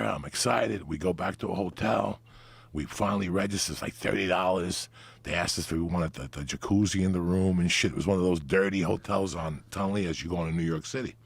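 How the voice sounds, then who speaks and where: A man's voice: sits low, brisk, gravelly, fairly bright tone, breathy edge, no echo. A middle-aged man, telling a crude story in casual talk and laughing through it. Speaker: comedian guest.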